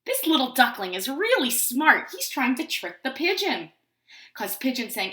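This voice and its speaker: Preschool teacher lady reading a picture book, high lively voice, asks the kids stuff, echoey room. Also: normal speed. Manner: animated, asks children questions. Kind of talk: picture-book read-aloud for young children. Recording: roomy echo.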